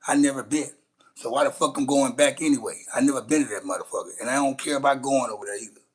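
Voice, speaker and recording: Blunt husky man ranting. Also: medium pitch, rapid-fire, low-quality recording. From Shreveport, Louisiana, USA. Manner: blunt, profane, rambling with restarts. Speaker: livestream host. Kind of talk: casual livestream rant.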